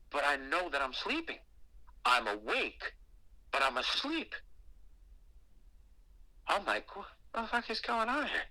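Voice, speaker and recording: A man's voice: on the high side, sharp tone, dry recording, rough recording. A man calling into a podcast to tell a frightening personal ghost story, profane and emphatic. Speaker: guest caller telling a ghost story.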